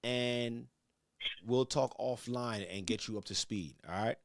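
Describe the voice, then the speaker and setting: A man's voice: medium pitch, a little slow. A man hosting a church call-in show, stammering and repeating words as he preaches to a caller. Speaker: church elder host. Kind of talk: religious call-in talk.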